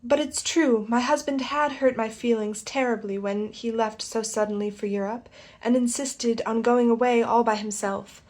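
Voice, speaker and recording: A woman's voice: a little high, fairly even intonation, normal speed, a little mellow, close to an everyday voice. A woman voicing a tearful young woman who speaks in a pitiful voice, in an audiobook reading. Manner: pitiful, sobbing.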